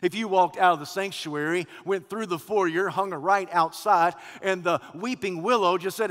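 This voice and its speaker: A man with a high voice delivers a sermon, moving from loud passages to near-hushed ones. His words ring out with a long reverb that fills the church hall. The delivery is dramatic and storytelling. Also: moderate pace, hardly any pauses. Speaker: pastor. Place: church sanctuary.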